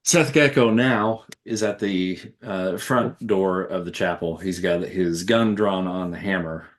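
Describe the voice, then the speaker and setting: A man running a tabletop game as game master, laughing often and voicing his characters. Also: deep voice. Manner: slow, laughing, voices gruff characters.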